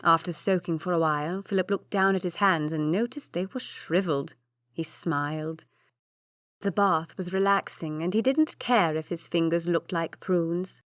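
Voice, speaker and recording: Woman, audiobook narrator, measured reading, lowish pitch, dry close mic. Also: no room sound. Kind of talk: scripted narration.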